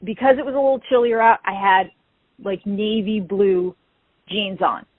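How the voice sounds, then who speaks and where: New woman telling a lively story. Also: medium pitch, normal speed, dry recording. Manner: animated, acts out quoted dialogue. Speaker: interview guest. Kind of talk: casual storytelling. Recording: tinny phone-like call audio.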